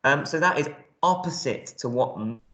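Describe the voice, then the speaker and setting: A man's voice: medium pitch, lively intonation, moderate pace, a bit bright, roomy sound. A male primary school teacher giving a recorded reading lesson, explaining words step by step in a friendly way with lots of ums.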